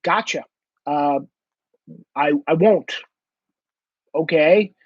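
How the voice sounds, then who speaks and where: A man's voice: fairly high pitch, drawn-out words, no echo. A man hosting a ranting commentary monologue, profane and mocking, with a slightly dull lo-fi sound. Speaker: host.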